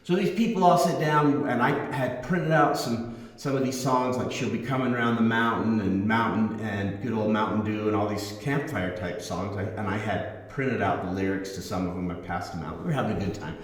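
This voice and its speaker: A man's voice: fairly low pitch, moderate pace. A middle-aged man, a musician hosting his own channel, tells a rambling gig anecdote in casual chat, restarting phrases and acting out the voices in his quotes. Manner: rambling, self-correcting anecdote with acted quotes. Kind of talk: casual storytelling to camera. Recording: very echoey room with long reverb.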